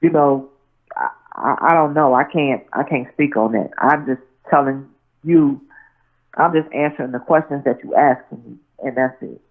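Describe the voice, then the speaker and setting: A woman's voice: very deep voice, normal speed. A woman guest telling a story over the phone in a rambling way, full of restarts and "you know what I'm saying". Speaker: interview guest. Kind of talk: casual phone interview, storytelling. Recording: tinny phone line.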